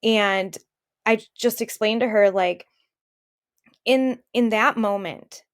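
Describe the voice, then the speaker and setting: A woman's voice: a little high, slow, smooth. A woman in her thirties co-hosting a podcast, telling personal stories in a candid, emotional way. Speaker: podcast co-host. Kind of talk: casual chat.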